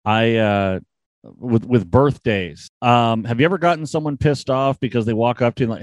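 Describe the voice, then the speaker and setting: A man hosting a wrestling podcast and chatting casually, rambling quickly with self-deprecating asides. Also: medium pitch, no echo. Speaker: podcast host and wrestling ring announcer.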